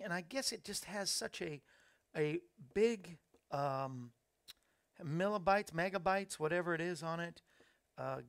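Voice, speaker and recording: A man's voice: fairly high pitch, a bit bright. A man hosting a casual live show from a small studio, chatting and reading viewer comments aloud with upbeat asides. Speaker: show host. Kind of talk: casual live-stream chat. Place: small studio under hot lights. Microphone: studio microphone.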